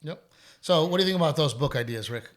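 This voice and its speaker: A man's voice: fairly high pitch, animated, fast talker. A middle-aged man hosting a podcast, talking candidly in casual chat and telling stories with emphatic repetition. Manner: candid, storytelling, repeats himself when emphatic. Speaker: podcast host.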